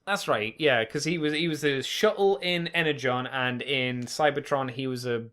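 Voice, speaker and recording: A man's voice: medium pitch, normal speed, fairly bright tone. A man co-hosting a podcast, rambling and correcting himself as he goes, often laughing. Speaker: podcast co-host. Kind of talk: casual chat.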